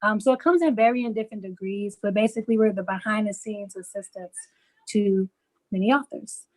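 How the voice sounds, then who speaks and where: A woman's voice: mid-range voice, brisk, darkish tone, low-quality recording. A woman guest who explains her work in an upbeat, casual way, laughing now and then. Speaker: ghostwriter guest.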